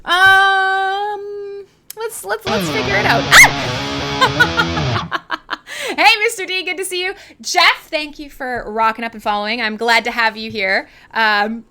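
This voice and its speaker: A woman's voice: extremely high pitch, measured pace, sharp tone, soft background music. A tired woman from Canada hosting a casual livestream, rambling, giggly, swearing freely and making fun of herself. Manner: rambling, giggly, profane, self-mocking. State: tired and high. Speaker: livestream host.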